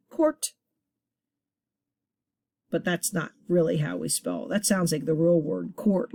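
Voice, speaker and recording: A woman teacher leading a children's reading lesson, encouraging her class and sounding words out slowly at a board. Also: sits low, dark tone.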